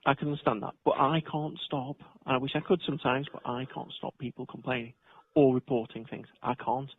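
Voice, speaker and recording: Man, housing officer, gravelly husky voice, measured and hesitant, tinny dry phone line. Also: mid-range voice, steady tone, no echo. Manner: measured, hesitant, procedural, with many ums and restarts. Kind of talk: phone call with a tenant.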